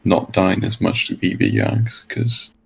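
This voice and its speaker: A man asks his coach questions in halting casual talk with many fillers. His voice is very low and heavily gravelly with fry. It also has a husky edge. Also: low-quality recording. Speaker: player being coached.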